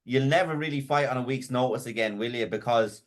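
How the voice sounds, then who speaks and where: A man with a mid-pitched voice interviews a fighter. His questions run long and loose, padded with fillers and restarts. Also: fairly quick. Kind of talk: casual interview.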